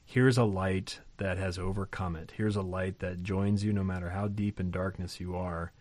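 A man hosting a podcast Bible lesson, animated in talk and reading scripture slowly and weightily. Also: sits low, dry recording.

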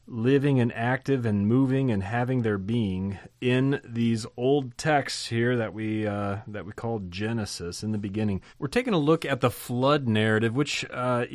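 A man with a somewhat low voice leads a relaxed podcast Bible lesson. He teaches with animated energy, posing rhetorical questions and then answering them, and he repeats words to stress them. The sound is dry and close, with little room echo. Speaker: podcast host and theology professor.

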